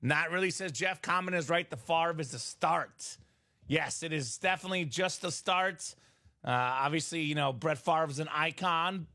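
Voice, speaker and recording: High, bright-voiced energetic male host. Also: moderate pace. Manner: energetic, shouts and jokes with viewers. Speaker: host of a live sports memorabilia break. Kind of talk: live-stream sales patter.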